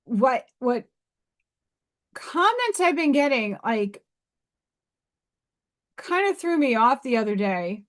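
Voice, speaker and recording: A woman's voice: sits high, very animated, slow pace, long pauses. A woman from New York hosting a casual livestream, talking frankly and emphatically to her viewers. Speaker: livestream host.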